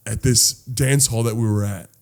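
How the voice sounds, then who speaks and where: A man co-hosting a podcast, telling a story in casual chat, animated and laughing, swearing freely. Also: mid-range voice, moderate pace, creaky. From Los Angeles. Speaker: podcast co-host.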